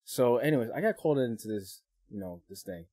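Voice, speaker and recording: A man's voice: mid-range voice, fairly quick, slightly rough. A young man, a podcast guest, recounting a college story casually with hesitant starts. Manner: relaxed, backchannels, hesitant starts. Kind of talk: casual chat.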